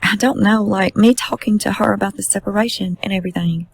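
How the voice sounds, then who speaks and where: A woman reading aloud voices a young husband making halting, subdued admissions, in a husky mid-range voice. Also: mid-range voice, no echo, low-quality recording. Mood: confessing.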